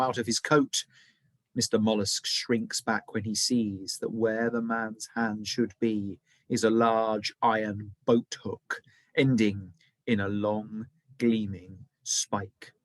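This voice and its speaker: Expressive male teacher reading a story aloud. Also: lowish voice, slow pace, no room sound. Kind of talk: reading a children's novel aloud.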